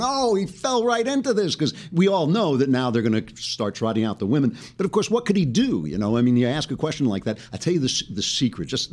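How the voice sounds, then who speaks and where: A man hosting his own political comedy show, riffing sardonically through satire. His voice is mid-pitched and conversational. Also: darkish tone. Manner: sardonic, breaks into laughter. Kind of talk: satirical monologue and commentary.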